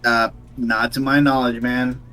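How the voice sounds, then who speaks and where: A man's voice: medium pitch, little pitch movement, measured pace, bright, forceful tone. A man casually chatting as a player in a tabletop game, easygoing and slangy. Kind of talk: casual chat.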